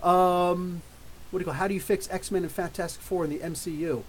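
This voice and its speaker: A middle-aged man hosting a live question-and-answer podcast, ranting in an animated, profane, mocking way. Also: a little high, a little fast, poor audio. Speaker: podcast host. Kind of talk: live Q&A rant.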